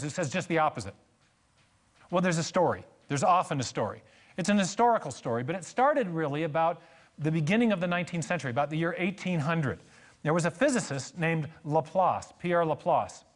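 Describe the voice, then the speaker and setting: A man giving a church lecture on science and faith, telling stories with emphatic repetition and joking asides. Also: a little high.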